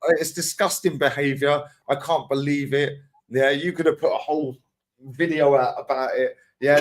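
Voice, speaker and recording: A man in casual podcast chat, telling animated stories full of slang and swearing and acting out what others said. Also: a little high, normal speed. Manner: animated storytelling, acts out quotes, swears freely, lots of slang. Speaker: podcast co-host.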